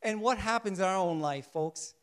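High-pitched male preacher, preaches with rhetorical questions, slow and soft on key points. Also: clear, resonant tone. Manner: asks the congregation rhetorical questions and answers them; shifts between soft, slow emphasis and louder bursts. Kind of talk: sermon.

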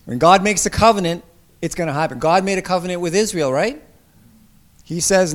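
A man preaching a sermon with emphasis, reading scripture slowly and asking his listeners questions. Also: high-pitched. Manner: emphatic, asks the congregation questions; reads scripture aloud slowly. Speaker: pastor.

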